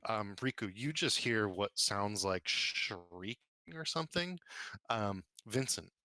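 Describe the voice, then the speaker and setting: Bright-voiced male game master. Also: fairly low pitch, expressive, slow pace, no echo. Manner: casual, descriptive, full of fillers. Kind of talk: narrating a tabletop game.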